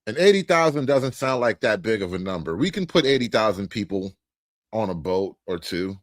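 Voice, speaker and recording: A man's voice: lowish voice, sing-song, fairly quick, no room sound. A man from the United States hosting a casual reaction commentary, joking around with profanity and slang. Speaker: commentary host.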